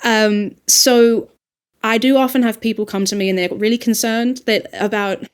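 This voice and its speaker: Animated Australian woman narrator. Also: fairly high pitch, normal speed, clean tone. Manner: animated, reflective, frequent laughs and fillers. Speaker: audiobook narrator, guest. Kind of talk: casual podcast discussion.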